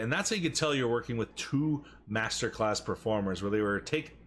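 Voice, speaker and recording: Guy on a podcast ranting, swears a lot, voice jumps way up when he quotes people, bit of hiss behind. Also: fairly quick. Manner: animated, profane, acts out quotes with rising pitch. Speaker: podcast co-host. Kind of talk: casual chat.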